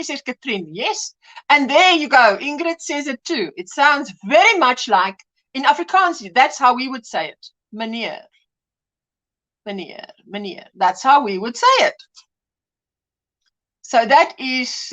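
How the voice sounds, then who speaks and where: A woman's voice: high-pitched, a bit bright, rough recording. A woman hosting a casual livestream, chatting and reading viewer comments aloud with frequent laughs. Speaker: livestream host.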